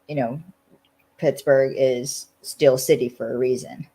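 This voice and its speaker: Recapping a TV episode on a casual podcast she co-hosts, this western Pennsylvania woman rambles, sprinkling in plenty of "like" and "you know." Her rumbling low voice is dark, slightly rough, steady, and unhurried, and the audio quality is poor.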